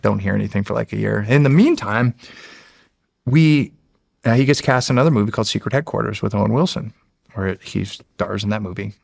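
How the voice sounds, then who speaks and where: Middle-aged male interview guest, deepish and gravelly, lively storyteller who restarts his sentences a lot. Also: brisk, dry recording, clean studio sound. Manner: animated storyteller, acts out quotes, frequent restarts. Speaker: podcast guest, former Navy SEAL. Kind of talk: storytelling in a long-form interview.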